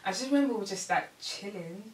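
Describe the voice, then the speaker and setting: A woman's voice: mid-range voice, animated, fast. A woman co-host in a casual chat, chiming in with short reactions and laughing jokes. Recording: roomy and distant, light hiss.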